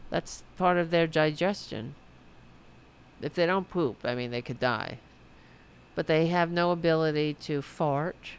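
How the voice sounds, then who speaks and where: This is a middle-aged woman hosting a casual late-night podcast. Her voice is smooth and resonant with a gravelly edge. She talks slowly, rambling and self-mocking, and she swears freely. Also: low voice. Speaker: podcast host.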